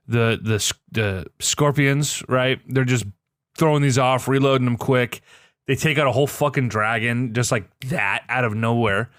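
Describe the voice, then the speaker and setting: A young man co-hosting a podcast, ranting in a profane, exasperated way with sudden jumps up in pitch. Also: fairly bright tone, smooth, no echo, clean studio sound. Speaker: podcast co-host. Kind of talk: casual chat.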